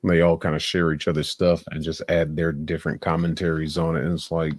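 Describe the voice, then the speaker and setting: Guy streaming live reactions, real low voice, blunt and sarcastic, dry sound. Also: level tone, brisk, darkish tone, no echo. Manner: blunt, sarcastic, swears freely.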